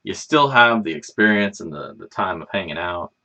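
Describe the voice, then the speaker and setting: A man with a lowish voice hosts a casual livestream and rambles from one thought to the next. His pitch moves a lot, rising and falling as he talks. He's relaxed and swears freely. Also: normal speed. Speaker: livestream host.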